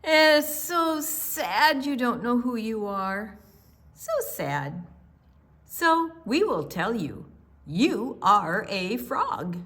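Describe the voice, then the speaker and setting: A woman's voice: a little high, very animated, extremely slow, a bit bright, a little hiss or hum, full character voice. A woman voicing a chorus of bossy, know-it-all frogs in a chirpy, preachy way. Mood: smug.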